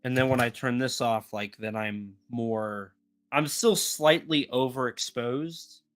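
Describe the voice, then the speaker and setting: A man's voice: mid-range voice, slow. A man co-hosting a podcast in casual chat, explaining at length and restarting phrases. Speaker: podcast co-host.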